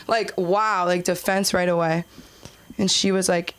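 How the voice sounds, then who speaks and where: A woman's voice: on the low side, little pitch movement, a little slow, clear, resonant tone. A young woman hosting an open mic and doing a rambling, giggly stand-up set, full of restarts and filler. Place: comedy club stage.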